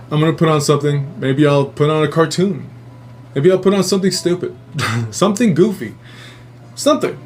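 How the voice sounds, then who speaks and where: A male podcast host tells his own bizarre dream stories in a loose, foul-mouthed, lively way, switching into high-pitched voices whenever he quotes someone.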